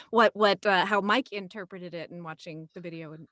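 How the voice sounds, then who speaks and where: Una mujer, actriz de voz, habla con soltura y entre risas en un panel de convención por videollamada. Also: female voice, lowish voice, moderate pace, fairly bright tone, no echo. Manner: chatty, laughing, restarts often. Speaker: voice actor panelist. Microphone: video call.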